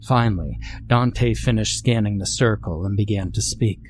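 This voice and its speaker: A man narrating a scary story in a measured, deliberate way. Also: lowish voice, a little mellow, slight background noise. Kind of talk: scripted horror narration.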